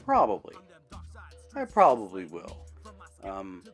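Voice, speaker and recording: A man's voice: sits low, huge pitch swings, slow pace, faint music behind. A man hosting his own channel, talking through a casual update in a rambling way, full of ums and self-corrections. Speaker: YouTube channel host.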